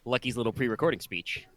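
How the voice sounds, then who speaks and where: A man's voice: mid-range voice, animated, fairly quick, a bit bright. A congested, slightly nasal man running a tabletop game as game master, chatty and rambling with plenty of fillers.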